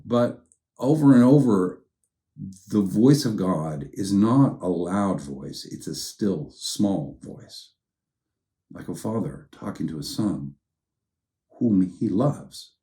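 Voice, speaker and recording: A man's voice: low voice, expressive, takes it slowly, dark tone. A man preaching a sermon as pastor, telling a story in a conversational way and acting out quoted lines in different tones of voice.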